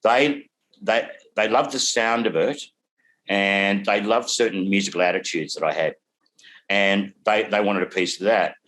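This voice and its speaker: An older Australian man, a guest songwriter, telling lively stories over a video call and laughing as he goes. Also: lowish voice, a little slow. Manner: animated storyteller, laughs through his stories. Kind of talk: casual anecdote telling.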